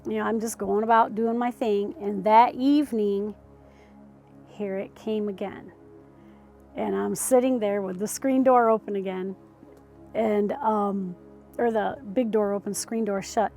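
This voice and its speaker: A woman recounting an encounter in casual spoken storytelling. She often drops to a hushed near-whisper when reliving the tense moments. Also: mid-range voice, fairly even intonation, measured pace, soft background music, low-quality recording. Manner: conversational, with fillers and restarts.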